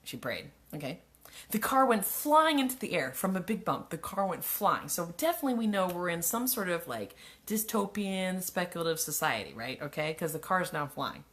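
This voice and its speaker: A woman's voice: fairly low pitch, sing-song, normal speed. A woman reading her own childhood story aloud, breaking off for wry, sarcastic asides. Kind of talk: live reading with mocking commentary.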